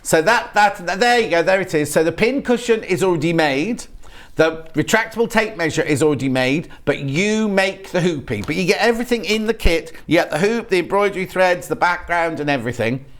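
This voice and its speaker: A man's voice: high voice, animated, a little fast, fairly bright tone. A British man presenting products on a live shopping channel in a TV studio, chatty and rambling, with frequent restarts.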